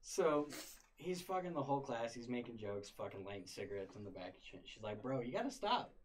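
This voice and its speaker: A young man, a podcast guest, telling stories in a relaxed, profane, casual way, often laughing. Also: lowish voice, a little fast, a little hiss or hum. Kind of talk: casual storytelling chat.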